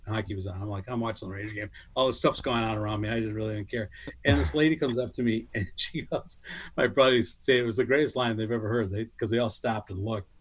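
A middle-aged man telling a lively story in casual chat, acting out what people said in a higher voice. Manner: animated, acts out quotes in a higher voice. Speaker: guest storyteller. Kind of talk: casual anecdote on a podcast.

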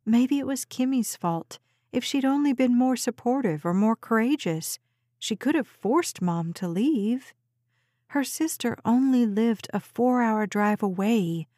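A woman narrating an audiobook in a measured, even storytelling voice. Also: fairly high pitch, no echo, studio quality. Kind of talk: scripted narration.

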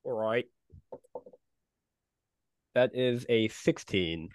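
A man's voice: mid-range voice, extremely slow, clean tone, no room sound. A man playing a tabletop role-playing game, casual and exasperated, swearing often. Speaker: player.

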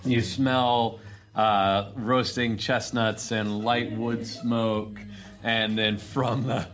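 Low-voiced man running a tabletop game. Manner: relaxed, halting narration with fillers. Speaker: game master.

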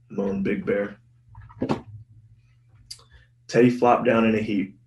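Low-voiced man reading a children's storybook. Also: moderate pace, distant mic, dull audio. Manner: expressive, voices the characters' lines. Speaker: guest reader. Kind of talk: storybook read-aloud. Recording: roomy sound from off-mic, soft music behind.

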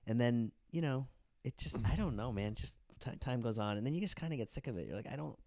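A man's voice: medium pitch, lively intonation, fast talker, darkish tone. A man talking as a guest, telling rambling stories in casual chat and acting out what other people said. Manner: rambling, quotes people in put-on voices. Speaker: podcast guest, comedian and filmmaker. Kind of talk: casual storytelling.

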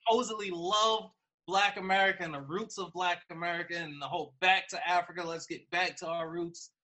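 Bright-voiced sarcastic man. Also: high-pitched, steady tone, a little fast. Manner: storytelling, sarcastic. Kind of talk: casual political chat.

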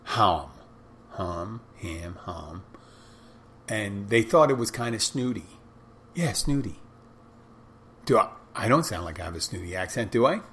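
A man's voice: lowish voice, lively intonation, moderate pace, long pauses, a bit bright, slight background noise. A man hosting a podcast, talking on his own in a rambling, conversational way and often correcting himself mid-sentence. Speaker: podcast host. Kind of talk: casual solo podcast monologue.

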